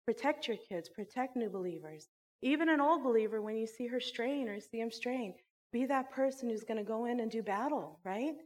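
A woman who runs a church school, teaching a sermon and telling a personal story with animated, laughing delivery. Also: on the high side, normal speed. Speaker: Bible teacher and school director.

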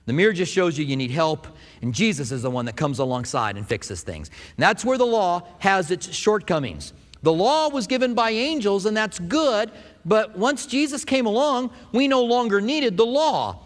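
A man preaching a sermon, telling stories and acting out quotes in an animated way. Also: high voice, moderate pace, long reverb tail. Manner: animated storytelling with acted-out quotes. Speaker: pastor.

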